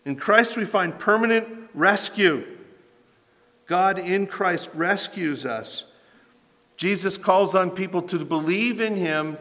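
A man's voice: on the high side, a bit bright, big-room sound. A man preaching a sermon as pastor, asking rhetorical questions and building in intensity as he reads scripture.

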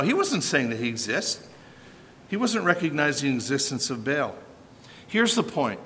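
A man preaching with a high, bright voice that rises and falls with energy. He keeps asking his listeners questions and answering them himself. His voice carries a long hall reverb. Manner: animated, asks the audience rhetorical questions. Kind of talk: sermon.

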